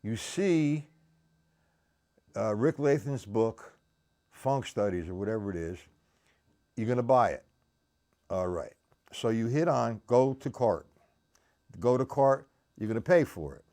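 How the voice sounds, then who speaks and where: A man teaches drums over a live stream, counting triplets out loud and chatting casually with viewers by name. His voice sits at an ordinary middle pitch, and drums sound around him as he plays. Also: lively intonation, a little slow, pauses often. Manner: counts beats aloud, chats with viewers. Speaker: drum teacher. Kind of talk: live-streamed drum lesson. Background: drums played while talking.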